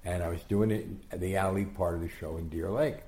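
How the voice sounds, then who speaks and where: An older man spins anecdotes as an interview guest, acting out what people said. His voice sits low and gravelly. The room around him is roomy and echoing. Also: brisk, slight background noise. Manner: animated, acts out quotes, many restarts. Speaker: guest storyteller. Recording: echoey room.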